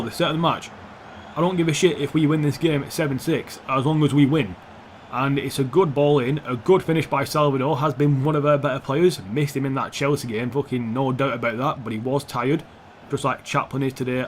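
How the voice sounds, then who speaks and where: A young man commentating his own football video game match, swearing often and shouting at the players on screen. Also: fairly high pitch, a little hiss or hum. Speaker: gaming YouTuber. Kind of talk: gameplay commentary.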